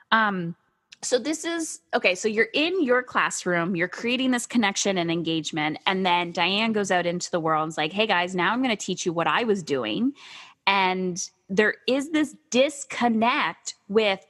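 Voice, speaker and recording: A woman hosting a podcast interview, telling stories and acting out herself and her kids in a lively, casual way. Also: medium pitch, moderate pace. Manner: animated storytelling, acts out her kids and herself. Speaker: podcast host.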